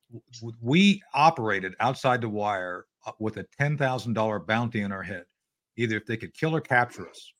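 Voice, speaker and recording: Casual male co-host, wry asides, halting restarts. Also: mid-range voice, a bit bright. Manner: joking asides, stumbling restarts. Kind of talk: casual podcast talk.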